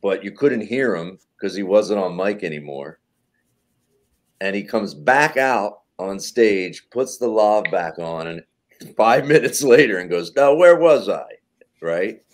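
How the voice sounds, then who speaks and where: A man with a deep, low voice spins a loose, profane backstage anecdote in a relaxed podcast chat. He talks casually, slips into quoted voices, and keeps the story rolling with asides. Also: unhurried. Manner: animated anecdote telling with swearing and acted quotes. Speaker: comedian guest.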